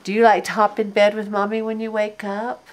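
An older woman reading a picture book aloud to a child in a gentle, coaxing way, stopping to ask the little one questions. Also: medium pitch, completely flat delivery, a little fast.

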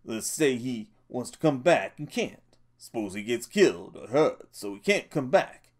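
A man's voice: medium pitch, sing-song, measured pace, pitched above the performer's own voice. Man voicing a bitter lonely stable hand, drawling stammered talk, brooding. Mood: taunting. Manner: drawling, stammered rural speech.

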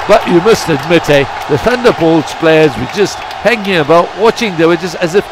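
A man calls a football match in a fairly high voice. He keeps up a running stream of giggly, chatty banter and breaks into excited shouts whenever the play heats up. There is a faint hiss of noise under his voice. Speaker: football commentator. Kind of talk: amateur live football commentary.

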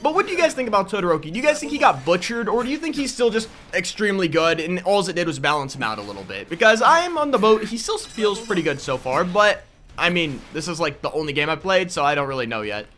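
A young man giving excitable live commentary over his gameplay, yelping and laughing when caught off guard. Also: sits high, fast, soft background music. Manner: excitable, yelps and laughs at sudden danger. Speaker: gaming YouTuber.

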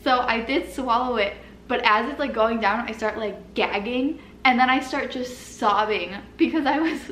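A woman's voice: a little high, moderate pace, a bit bright. Chatty young woman in an echoey room. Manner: chatty, many "like"s, laughs nervously. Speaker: vlogger. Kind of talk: casual storytime. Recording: echoey room with faint noise.

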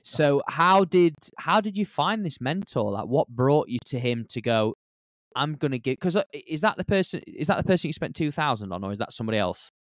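A man's voice: on the high side, sing-song, a little fast, no room sound. A man hosting a podcast, asking rambling, encouraging questions in casual chat. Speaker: podcast host.

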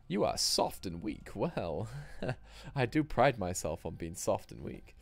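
A man's voice: lowish voice, big pitch swings, a little slow, vocal fry, dry recording. A man giving sweary, rambling, self-mocking commentary while streaming a game live. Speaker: gaming streamer.

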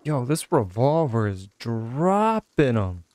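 A young man giving casual let's-play commentary, excitable, exclaiming and chatting to an in-game companion. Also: medium pitch, takes it slowly, no room sound. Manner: excitable, talks to companion character, frequent laughs and exclamations. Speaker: gaming channel host.

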